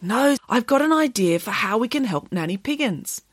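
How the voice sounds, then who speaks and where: In a storybook reading, a woman voices a clever, earnest young boy with an eager tone, pitching above her own voice. She sounds a little high with lively intonation at a moderate pace, in a dry, studio-quality recording.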